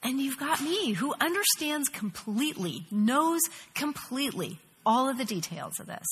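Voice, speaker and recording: A middle-aged woman teaching a women's Bible study, earnest and animated, acting out prayers as she goes. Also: high-pitched, normal speed, breathy edge, big-room sound. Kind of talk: devotional teaching.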